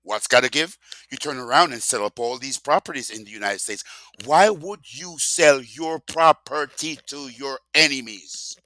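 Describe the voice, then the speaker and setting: A man's voice: medium pitch, normal speed, sharp tone, no echo. An older man ranting sarcastically in a casual monologue, emphatic and rambling, full of rhetorical questions. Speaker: vlogger.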